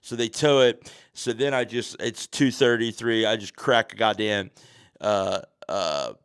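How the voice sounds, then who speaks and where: A man's voice: fairly low pitch, unhurried, smooth, no room sound, studio quality. A man hosting a podcast, telling a story in a casual, profane, slang-heavy way. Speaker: podcast host.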